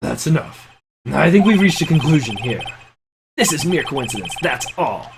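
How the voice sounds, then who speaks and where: A man's voice: fairly high pitch, very animated, moderate pace, vocal fry, background noise. A man voicing an arrogant veteran prosecutor who speaks scornfully and gives commands.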